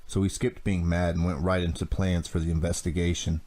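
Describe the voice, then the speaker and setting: A man's voice: deep voice, level tone, brisk, warm tone, close to an everyday voice. A man reading the lines of a tired, shaken teenage boy. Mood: weary. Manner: tired and subdued.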